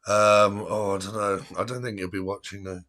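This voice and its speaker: A man's voice: lowish voice, level tone, moderate pace, bright, forceful tone. Slangy English man telling a story. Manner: swearing, laughing, slangy, rambling. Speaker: live stream host. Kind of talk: casual storytelling.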